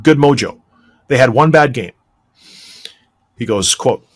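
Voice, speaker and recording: Animated male hockey podcast host. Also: mid-range voice, measured pace, husky. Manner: emphatic, mocking impressions of coaches. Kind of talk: opinionated sports talk.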